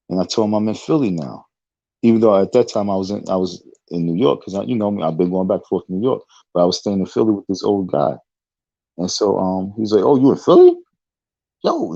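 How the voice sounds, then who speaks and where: A man's voice: low-pitched, warm tone, no room sound, dull audio. A man telling a rambling story in a casual monologue, often restarting his sentences. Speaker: online talk show host.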